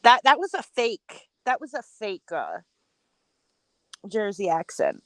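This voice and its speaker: On a panel, a woman from upstate New York chats casually and emphatically, repeating words while gathering her thoughts. Her medium-pitched voice swings widely in pitch, she speaks slowly, and there's no echo.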